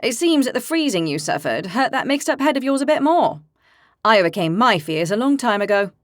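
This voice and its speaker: A woman voicing a good-natured, steady young male warrior with calm, warm, reassuring speech. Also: on the high side, a little fast, no echo, clean studio sound, pitched above the performer's own voice.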